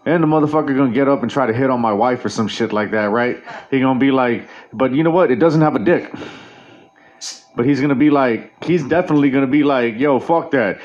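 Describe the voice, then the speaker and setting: A man's voice: mid-range voice, fast, darkish tone. A man hosting a show in a casual, rambling monologue, swearing constantly and restarting his sentences. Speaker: radio show host. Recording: dull lo-fi recording.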